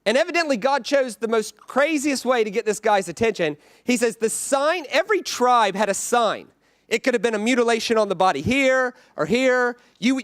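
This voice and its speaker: A guest preacher delivering a conversational sermon in a church, often checking in with the congregation. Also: male voice, extremely high pitch, a bit bright, smooth, no echo, studio quality. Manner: conversational, keeps asking "right?".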